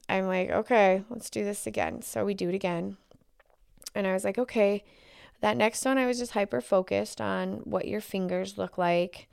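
A woman hosting a solo podcast, talking candidly and haltingly, often dropping to a near whisper. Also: medium pitch, darkish tone, no echo, studio quality. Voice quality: gravelly fry. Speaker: podcast host.

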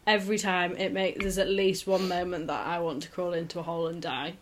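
A woman's voice: fairly low pitch, fairly even intonation, a crowd in the background. A young woman, chatting and telling stories to her best friend on a casual podcast, often giggling. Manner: rambling, giggly, quick storytelling with acted quotes. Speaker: podcast co-host.

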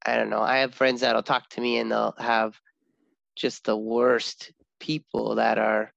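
A man chatting casually about his kids, rambling and animated, often laughing and acting out his daughter's lines. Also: medium pitch, measured pace, creaky, dry recording, dull audio. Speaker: father, co-host. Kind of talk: casual podcast chat.

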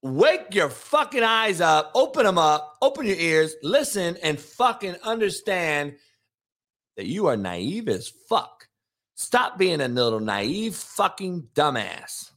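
Man from compton, profane rant, lively swinging pitch, fairly high voice. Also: slow pace. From Compton, California, USA. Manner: crude, mocking, loud, laughs at own jokes. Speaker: vlogger. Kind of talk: profane ranting commentary.

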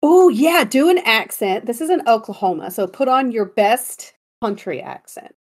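A woman co-hosting a podcast, chatting casually and telling a story with animated, giggly energy. Her voice is fairly high and swoops all over as she talks. She directs her partner with playful bossiness. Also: normal speed. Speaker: podcast co-host. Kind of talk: casual chat.

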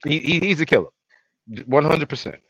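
A man co-hosting a casual podcast, retelling TV episode scenes in an animated way and acting out the lines. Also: fairly high pitch, brisk, husky, no echo, muffled recording. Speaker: podcast co-host. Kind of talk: casual recap chat.

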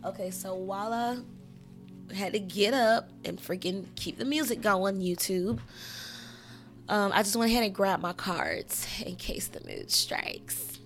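A woman's voice: mid-range voice, a little slow, soft background music. A woman hosting a casual spiritual podcast, rambling and direct, often saying "you know" and swearing now and then. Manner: advising, direct, occasional swearing. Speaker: podcast host.

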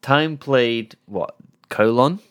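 A man's voice: mid-range voice, slow pace, clean tone. A man hosting a casual podcast, easygoing and dryly joking, with frequent hesitant fillers. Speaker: podcast host. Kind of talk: casual chat.

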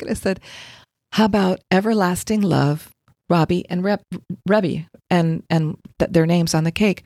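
A woman's voice: fairly low pitch, normal speed, darkish tone, dry recording, studio quality. A middle-aged woman, a Reiki practitioner, telling a story in casual chat and acting out the voices of the people in it.

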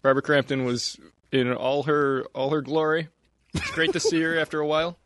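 A young man co-hosting a podcast, joking in a deadpan way and swearing freely as he banters about movies. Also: a little high, moderate pace, no echo. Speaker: podcast co-host.

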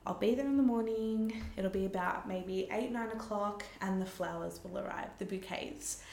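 A woman's voice: mid-range voice, moderate pace, creaky, darkish tone. A woman hosting a casual podcast chat, a bridal makeup artist who tells stories bluntly and swears freely. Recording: roomy echo.

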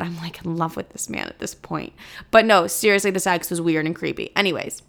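A young woman tells a story straight to her listeners, with a gravelly, fry-edged voice at an ordinary middle pitch. She is blunt and profane, and she jumps into lively acted-out dialogue. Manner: blunt, profane, animated, acts out both sides of a conversation. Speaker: podcast host telling a personal story. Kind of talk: casual storytelling monologue.

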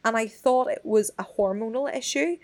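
A woman's voice: on the high side, moderate pace. Candid woman, sweary storyteller. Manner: expressive, swears freely, animated storytelling. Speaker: podcast co-host. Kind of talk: candid casual chat.

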